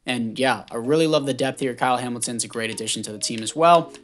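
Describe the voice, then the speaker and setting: A man giving casual commentary on a football video game, chatty and thinking out loud, often stumbling over names and correcting himself. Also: medium pitch, fast. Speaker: gaming YouTuber.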